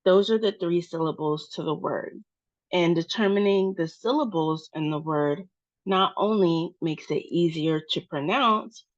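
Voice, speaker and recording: A woman with an American accent teaching English pronunciation, patient and careful, spelling out example words slowly. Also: sits low, lo-fi sound. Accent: General American.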